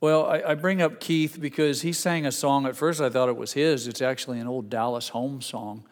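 A man preaching a sermon as pastor, halting and repeating words, then rising to emphatic, higher passages. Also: steady tone, long reverb tail.

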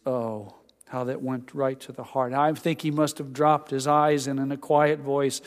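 A man's voice: mid-range voice, little pitch movement, measured pace, hardly any pauses. Man preaching in a reverberant hall. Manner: storytelling, acts out voices of scripture figures; drops to a quiet hush for intimate lines, rises for emphasis. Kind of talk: sermon.

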